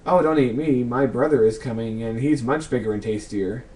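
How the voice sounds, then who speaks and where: A man voicing a small billy goat from a fairy tale, begging a troll to let him go and talking fast. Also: medium pitch, a little mellow, close to an everyday voice, rough recording. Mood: pleading. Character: pleading young billy goat on a bridge.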